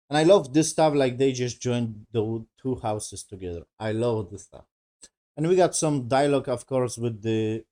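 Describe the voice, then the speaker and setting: A TV show reviewer with a lowish, dark voice casually goes over an episode in loose, broken non-native English. He rambles and swears while retelling the scenes.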